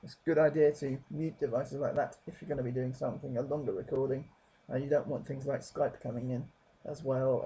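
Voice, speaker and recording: A man walks through a screen-capture software tutorial in a very dark, mellow voice with gravel in it. He rambles as he explains, stops to fix his own wording, and fills the gaps with "uh" and "um". A faint hiss sits under the desk-mic recording. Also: medium pitch, poor audio. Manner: rambling, self-correcting explanation with many fillers. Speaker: tutorial presenter.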